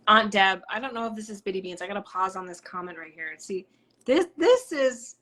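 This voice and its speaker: Chatty woman livestreaming to fans. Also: medium pitch. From Rhode Island, US. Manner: chatty, bubbly, breaks into soft whispers while reading. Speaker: psychic medium hosting a live stream. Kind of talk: casual live-stream chat reading comments.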